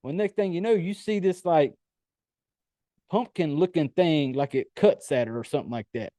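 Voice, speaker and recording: Male podcast host, casual film recap, cusses freely; higher-pitched, warm tone, dry close sound. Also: normal speed, dry recording. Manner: loose, profane storytelling with many fillers. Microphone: home computer setup.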